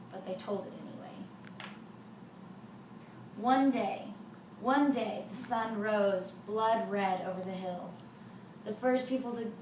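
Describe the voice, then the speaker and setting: A woman telling a folk tale for children, with lively sound effects, in a roomy recording from a distant mic with faint noise. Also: a little high. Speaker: storyteller.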